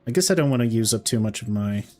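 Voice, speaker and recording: A man's voice: lowish voice, lively intonation, fast, a little mellow. A man in his forties with a mix of British-school and Texan accent, chatting casually and self-deprecatingly while playing a game. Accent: mixed British-school and Texan. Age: 40s. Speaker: game streamer. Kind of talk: casual gaming commentary.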